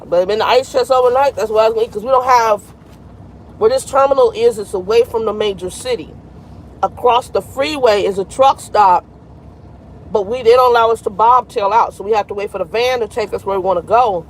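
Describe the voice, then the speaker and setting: Chatty trucker woman in her fifties, high-pitched, live-streaming from her cab with faint traffic hum. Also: a little fast, rough recording. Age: 50s. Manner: chatty and frank, greets viewers by name. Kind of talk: casual live-stream chat.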